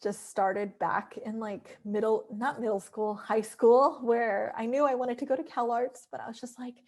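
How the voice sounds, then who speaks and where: A woman's voice: a little high, steady tone, normal speed, few pauses, a little mellow. Reflective young woman losing her voice. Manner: reflective, rambling with many "like" fillers. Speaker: interview guest, animation director. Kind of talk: casual interview.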